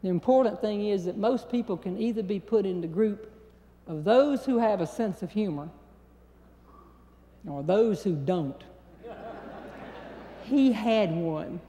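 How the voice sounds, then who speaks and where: An older woman with a North Carolina Southern accent, telling a comic story on stage in an animated, drawling way. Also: mid-range voice, a little slow, long pauses. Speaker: humorist. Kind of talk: stand-up storytelling. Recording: hall with long reverb.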